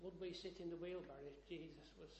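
A male preacher with a slightly raised pitch works through stories and scripture, moving between quiet asides and loud, emphatic passages. Faint hiss sits under the voice. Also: fairly even intonation, fast. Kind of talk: sermon.

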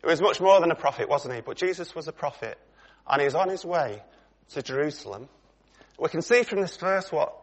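A middle-aged man preaching a sermon in a conversational way, putting questions to his congregation. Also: a little high.

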